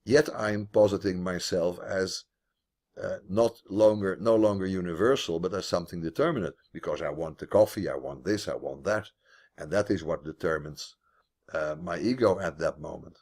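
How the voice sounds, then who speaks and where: A man's voice: low voice, moderate pace, a little mellow. A man teaching philosophy online in a video call, thinking aloud as he explains, with restarts and repeated words.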